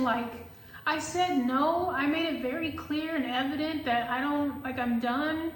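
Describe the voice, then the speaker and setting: A woman who reads tarot, telling a story in casual vlog chat, animated and full of filler words and swearing. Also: sits high, a little slow, reverberant, distant mic, low-quality recording. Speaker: tarot reader.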